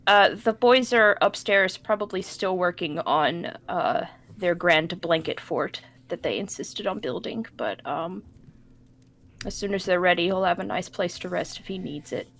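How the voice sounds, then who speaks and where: A woman's voice: on the low side, a little slow, a bit bright. A woman player in a tabletop game, speaking in character in a hostess tone and describing her actions. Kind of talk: tabletop role-play.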